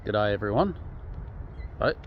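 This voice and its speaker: A man's voice: on the low side, expressive, normal speed, highs cut off, slight background noise. A man casually narrating a travel vlog outdoors, easygoing and chatty, laughing often. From Canada. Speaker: outdoor vlogger.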